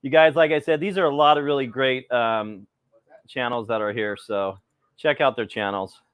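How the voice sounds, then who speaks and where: A man's voice: medium pitch, fairly even intonation, moderate pace, fairly bright tone, clean tone, no echo. A middle-aged man hosting a live cooking stream, rambling casually and greeting viewers by name, a little cold.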